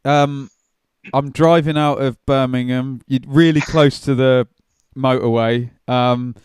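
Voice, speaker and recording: A man co-hosting a casual football podcast, telling stories in a chatty, animated way. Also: medium pitch, slow pace, clear, resonant tone, no echo, studio quality. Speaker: podcast co-host.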